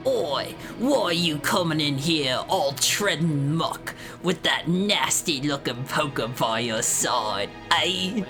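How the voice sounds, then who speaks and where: A man voicing a grubby male bug villager in a game, in a put-on British accent with rough dialect and dropped words. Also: on the high side, lively intonation, takes it slowly, few pauses, music in the background. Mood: gruff grumbling. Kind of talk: game voiceover on stream.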